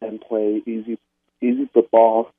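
A man's voice: lowish voice, monotone, unhurried, dry recording. Male caller, easygoing, phone-line sound. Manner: casual, filler-heavy. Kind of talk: call-in sports chat.

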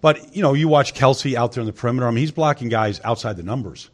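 A man's voice: mid-range voice, quick pace. Man breaking down football plays. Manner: explains at length, heavy use of "I mean". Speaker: football analyst. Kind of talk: casual sports discussion.

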